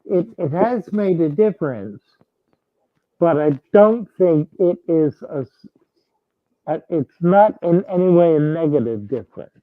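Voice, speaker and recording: A man hosting a casual livestream chat with viewers, thinking aloud in a halting way with frequent restarts. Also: on the high side, expressive, no room sound, narrow, tinny audio. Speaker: host answering viewers.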